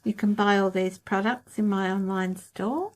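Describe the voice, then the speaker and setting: A woman hosting a craft tutorial, calmly and practically talking through each step of a demonstration. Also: mid-range voice, normal speed.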